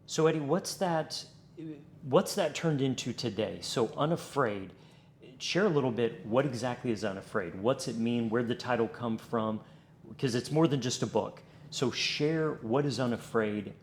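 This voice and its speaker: A man hosting an interview, asking measured, reflective questions. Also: medium pitch, expressive, a little hiss or hum. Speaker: podcast host. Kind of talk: conversational interview.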